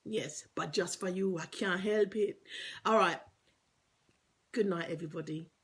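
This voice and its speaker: A woman's voice: lowish voice, unhurried, a bit bright, breathy edge. A woman life coach chatting casually and playfully to viewers on a live video stream, teasing them and laughing often. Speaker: life coach and motivational speaker. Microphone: webcam or phone on a live video stream.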